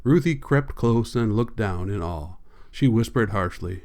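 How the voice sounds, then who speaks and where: A man reading a novel aloud as an audiobook narrator, in a plain, unhurried manner, lightly voicing the characters' lines. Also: fairly low pitch, animated, a little mellow. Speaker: audiobook reader.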